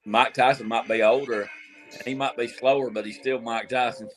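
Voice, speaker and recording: A man's voice: medium pitch, steady tone, moderate pace, a little hiss or hum. Folksy older man chatting on stream. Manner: laughing, storytelling, folksy. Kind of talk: casual group chat on a live stream.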